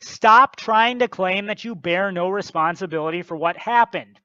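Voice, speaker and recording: A man's voice: high voice, normal speed, bright, forceful tone, smooth, no echo. Blunt, lecturing man with a dull dry sound. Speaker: video commentator. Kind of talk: scripted commentary.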